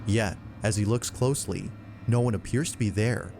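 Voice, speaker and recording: A man telling a spooky story in steady, scripted narration. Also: fairly low pitch, moderate pace, a loud crowd. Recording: narration over loud music.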